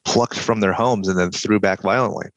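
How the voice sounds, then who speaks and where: A young man chatting on a podcast with dry, sardonic deadpan humor. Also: lowish voice, moderate pace, noisy background. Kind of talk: casual chat.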